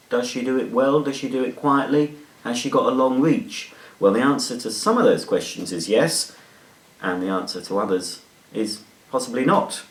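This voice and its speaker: A man giving a chatty, playful product demonstration with jokey asides. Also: medium pitch. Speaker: product reviewer. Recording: roomy echo.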